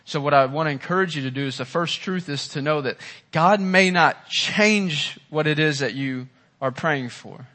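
Male pastor, sermon delivery, bright and slightly high voice, dynamic swings between soft and loud, rhetorical questions to the room. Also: normal speed. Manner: impassioned preaching, swings from hushed to loud; asks the congregation questions. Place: church.

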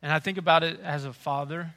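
A middle-aged male pastor preaching a sermon with impassioned delivery, dropping to a hush and rising to loud emphasis. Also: fairly high pitch, fairly even intonation, fast.

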